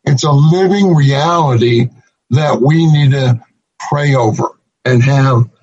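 A man delivers a sermon at an unhurried, measured pace, his voice slightly husky and pitched a little above the usual. The recording sounds dull and lo-fi. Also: darkish tone. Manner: slow, deliberate preaching with emphatic repetition. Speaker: preacher.

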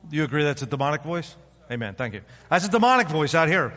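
A man's voice: a little high, sing-song, fast talker, fairly bright tone, long reverb tail. A man in his fifties, a pastor preaching an informal, conversational sermon and acting out other people's voices. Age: 50s. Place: church sanctuary.

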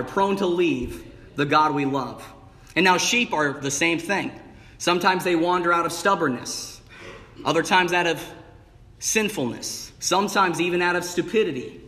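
Young male preacher, high voice, exuberant and emphatic, church hall with long echo. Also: moderate pace, a bit bright. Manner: exuberant, rising to emphatic bursts with call-outs of "amen" and "hey". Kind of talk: sermon. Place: church sanctuary.

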